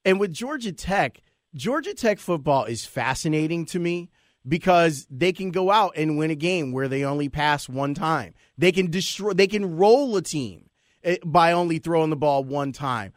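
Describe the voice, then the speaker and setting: A man's voice: fairly high pitch, expressive, normal speed, no echo, studio quality. A man hosting an interview, asking his guest conversational questions. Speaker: podcast host.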